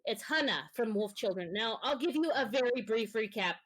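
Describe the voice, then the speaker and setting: A woman's voice: fairly high pitch, lively intonation, normal speed, a bit bright, poor audio. Woman co-host running through picks. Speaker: podcast co-host. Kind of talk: casual podcast chat.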